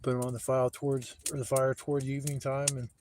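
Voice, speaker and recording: A man's voice: medium pitch, monotone, fast, darkish tone, a little hiss or hum. A man livestreaming outdoors in the woods on a phone, telling stories in a rambling, profane way and quoting people as he goes. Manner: rambling, profane, heated retelling with quoted dialogue. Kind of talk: casual storytelling livestream.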